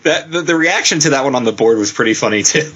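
A man hosting a casual podcast, reading out listener entries in a deadpan way and laughing often. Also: medium pitch, fast. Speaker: podcast host. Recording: dull lo-fi sound.

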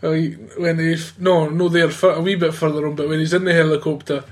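Scottish man, slightly high voice, casual sweary co-host. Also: level tone, a little fast. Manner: sweary, laughs along, short agreeing replies. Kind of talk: casual film chat.

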